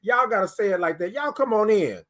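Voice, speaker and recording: A man hosts a casual morning livestream. His voice sits high, and he talks to the viewers in an animated way, reading their comments back to them. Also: brisk. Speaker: livestream host.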